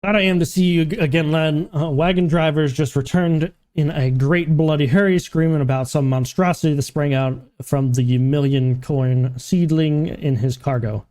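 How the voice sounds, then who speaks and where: A man voicing a gruff, overworked male dockside foreman who speaks in rough, old-fashioned dialect while reading game dialogue aloud. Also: on the high side, fairly even intonation, normal speed, hardly any pauses, darkish tone, close to an everyday voice. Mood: urgent.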